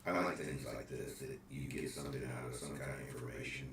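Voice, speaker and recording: A man's voice: extremely low pitch, flat delivery, quick pace. A man hosting a casual rambling chat, loose and joking. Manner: loose, joking, self-deprecating. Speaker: video host. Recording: echoey room with faint noise.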